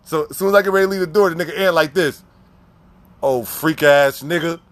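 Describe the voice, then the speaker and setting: A man casually telling prison stories in heavy profane slang, animated, with frequent restarts and repeats. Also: high voice, very fast. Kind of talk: casual storytelling.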